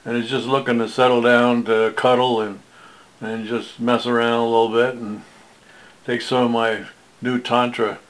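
A man's voice: medium pitch, flat delivery, moderate pace, poor audio. A man in his seventies talking in a rambling, casual monologue, full of jokes at his own expense and wandering asides. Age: 70s. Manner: joking, self-mocking, wandering asides.

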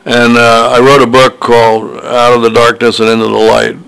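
An older man with a gravelly, crackling voice at an ordinary middle pitch, rambling through personal stories. He meanders and restarts often, filling pauses with ums and uhs as he talks. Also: completely flat delivery, a bit bright. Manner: meandering, hesitant, with many fillers and restarts. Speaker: author. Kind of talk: rambling personal storytelling monologue.

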